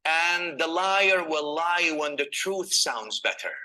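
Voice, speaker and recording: A male preacher with a high voice delivers a sermon and retells old stories. He slips Arabic scripture recitation between his English explanations. He keeps turning to his listeners with rhetorical questions, and his tone is very bright and sharp. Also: animated, takes it slowly, poor audio. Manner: asks the audience rhetorical questions.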